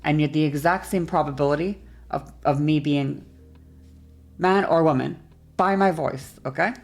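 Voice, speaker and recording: A woman streamer explaining something casually, with a bouncy, varied delivery that speeds up and slows down and swears freely. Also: a little mellow. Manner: bouncy, varied pitch and shifting pace.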